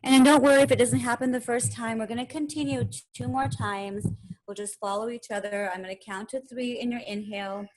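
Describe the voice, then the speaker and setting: A woman teaching yoga and meditation, calmly guiding a breathing exercise step by step and counting the breaths aloud. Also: on the high side, brisk. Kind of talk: guided breathing instruction.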